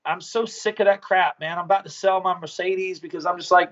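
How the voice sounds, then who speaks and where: A man with a high-pitched voice speaks as a podcast guest. He tells stories bluntly and casually, swearing freely. The audio sounds dull and lo-fi. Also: steady tone, fairly quick, fairly bright tone. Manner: blunt, profane, storytelling. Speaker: business owner guest.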